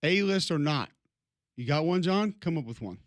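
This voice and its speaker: A man's voice: fairly high pitch, moderate pace, no room sound. A man co-hosting a morning sports radio show, chatting casually with opinionated, rambling takes. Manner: opinionated, rambling, lively tangents. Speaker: radio sports talk co-host.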